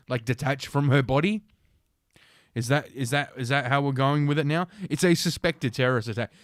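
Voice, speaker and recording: Podcast host, male, mid pitch, sardonic, hesitant delivery full of "uh"s, close dead mic. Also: no echo. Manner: sarcastic, halting, many filler sounds. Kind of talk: reading news aloud with mocking commentary.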